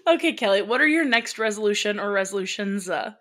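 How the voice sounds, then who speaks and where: A woman's voice: medium pitch, expressive, fast, fairly bright tone. Young woman co-host, chatty and emotional, easy laugh. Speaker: podcast co-host. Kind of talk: casual chat.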